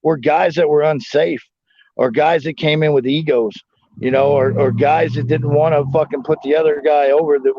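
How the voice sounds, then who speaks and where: A man's voice: mid-range voice, darkish tone, no room sound. Profane rambling man, dull dry audio. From United States. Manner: profane, rambling, heavy filler 'you know what I'm saying'. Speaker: interview guest, former wrestler and Marine. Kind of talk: casual storytelling shoot interview.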